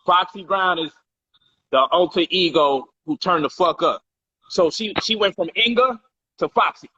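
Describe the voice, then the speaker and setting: A man casually telling a personal story on a livestream, animated and profane, loudly acting out heated quotes. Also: high voice, normal speed, husky, dry recording, highs cut off. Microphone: phone or livestream mic.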